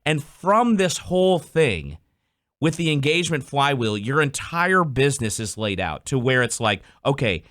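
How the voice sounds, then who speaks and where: A man's voice: mid-range voice, no echo, studio quality. A man hosting a casual business podcast, acting out customer conversations as he explains. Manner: animated, acts out customer dialogues in quick voices. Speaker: podcast host.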